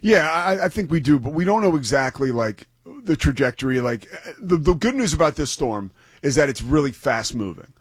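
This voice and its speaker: A man's voice: a little high, lively intonation, normal speed, breathy edge, dry recording. Enthusiastic male sports broadcaster. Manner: enthusiastic, rambling, self-deprecating. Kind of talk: sports talk radio banter.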